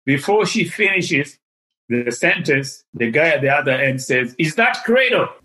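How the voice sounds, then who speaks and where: An older man, from Tanzania, telling an animated story as an interview guest. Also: mid-range voice, measured pace, low-quality recording. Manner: animated, acts out the voices in his story.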